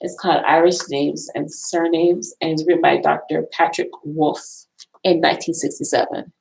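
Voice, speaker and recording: A woman's voice: low voice, fairly even intonation, normal speed, vocal fry, darkish tone, low-quality recording. A woman vlogging casually from a college library, rambling and repeating herself as she shows off books. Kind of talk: casual talk showing books.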